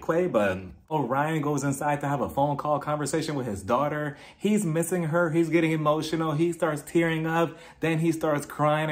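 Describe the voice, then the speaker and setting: Man, somewhat high voice, casual recap commentary, candid, chatty, swears and laughs a lot. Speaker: reality TV reviewer.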